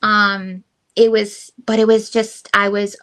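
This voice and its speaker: Middle-aged woman on a podcast, bright clear voice, rambly and heartfelt, lots of um and like. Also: mid-range voice, level tone, slow pace. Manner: candid, emotional storytelling with frequent fillers. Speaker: podcast co-host. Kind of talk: casual chat.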